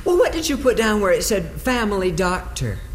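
A woman's voice: mid-range voice, very animated, normal speed, big-room sound, lightly acted. A woman playing a curious, nosy young girl. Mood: inquisitive.

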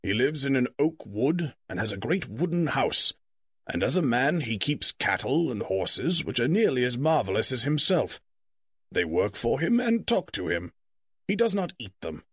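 A man reading the part of Gandalf, a stern and testy old male wizard, in measured, lecturing tones. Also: mid-range voice, fairly bright tone, husky, no room sound, studio quality, exaggerated voice. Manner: measured, lecturing, quick to scold. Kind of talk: audiobook character reading.

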